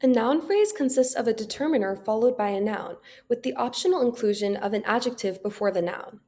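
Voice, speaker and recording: A young woman giving a class presentation in a steady, read-aloud manner. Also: on the high side, a little fast. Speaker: student presenter.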